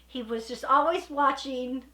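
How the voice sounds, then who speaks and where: A woman's voice: sits high, unhurried, sharp tone, reverberant. A woman chatting casually, prompting the story with questions and laughing often. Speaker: co-host. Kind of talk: casual chat.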